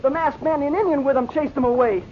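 An eager twelve-year-old boy in a vintage radio drama, earnest and chatty. His voice is high-pitched and thin. The recording sounds muffled and dull. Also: fairly even intonation, fast talker, a little hiss or hum. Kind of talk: 1940s radio drama acting.

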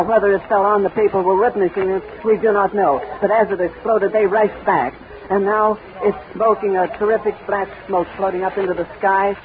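A man giving a live on-scene radio commentary outdoors at an airfield, describing events in a running flow with fillers and restarts. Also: sits high. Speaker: radio reporter. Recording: tinny, noisy 1930s radio recording.

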